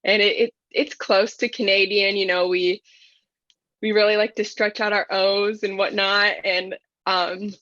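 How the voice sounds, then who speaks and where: A woman from the Upper Midwest with a Yooper accent, a veteran guest talking casually in a podcast interview, friendly and quick to laugh. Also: mid-range voice, flat delivery, fairly bright tone, no echo, muffled recording. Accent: Upper Midwest American (Yooper). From Upper Michigan and Wisconsin, USA.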